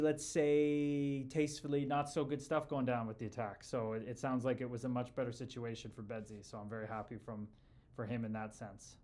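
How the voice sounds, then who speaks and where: A relaxed man talking loosely to his livestream audience at a middle pitch. He greets viewers like old friends, tossing in dude and brother as he reads their comments aloud. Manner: laid-back and chummy, calls viewers brother and dude. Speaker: livestream host and former hockey player.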